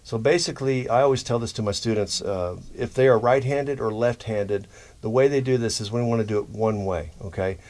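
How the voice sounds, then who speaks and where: A man teaching drum rudiments in a relaxed, explanatory way, often checking in with "okay?". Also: mid-range voice, brisk. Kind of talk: instructional demonstration.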